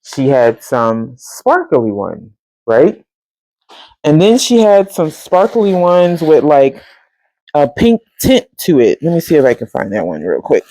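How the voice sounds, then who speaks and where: A woman, hosting a podcast and telling a story in casual chat, animated and chatty, often jumping into a high voice to quote people. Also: unhurried, no echo. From Central Texas. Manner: colloquial and chatty, addresses listeners as y'all. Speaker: podcast host.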